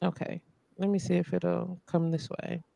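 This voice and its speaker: A woman hosting a live online show, talking casually and venting her frustration as she works through technical trouble. Her voice has a gravelly, creaky edge, recorded close and dry with no room sound. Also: lowish voice, little pitch movement, normal speed, dark tone, no room sound. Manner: frustrated, muttering while fixing tech. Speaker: host. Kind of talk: casual live-stream chat.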